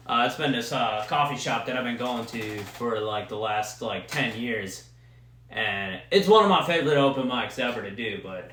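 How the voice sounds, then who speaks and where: A man's voice: medium pitch, a bit bright, slight background noise. A man who does stand-up, telling a rambling, swear-filled story on his own podcast in a loose, casual way. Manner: profane, loose and rambling, heavy on "dude" and "man". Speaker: stand-up comedian and podcast host. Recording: echoey room sound.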